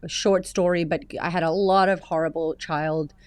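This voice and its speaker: Woman guest, 30s, lowish voice, dry close sound, frank and reflective. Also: steady tone, clear, resonant tone, no room sound. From United States. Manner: frank, reflective, fast bursts with casual swearing. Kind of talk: candid conversational interview.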